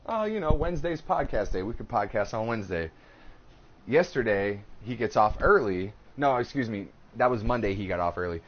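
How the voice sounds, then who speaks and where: A man co-hosting a casual podcast, telling an animated, profane story. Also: lowish voice, brisk. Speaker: podcast co-host. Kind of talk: casual chat. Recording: dull lo-fi live stream audio.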